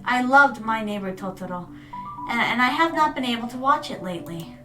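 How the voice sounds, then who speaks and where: A woman's voice: a little high, expressive, a little fast, far from the mic, music in the background. A woman VTuber chatting casually while gaming, telling stories and calling her viewers "my darlings". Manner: storytelling, calls viewers "my darlings". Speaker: VTuber streamer.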